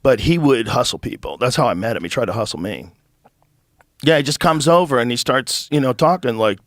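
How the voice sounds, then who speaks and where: A man hosting a podcast talks in a loose, profane, storytelling way at a middle pitch. He acts out the voices of the people in his stories. The sound is dry and close, with no room echo. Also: fairly quick. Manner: profane, animated storyteller who acts out quotes. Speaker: podcast host. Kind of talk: casual storytelling chat.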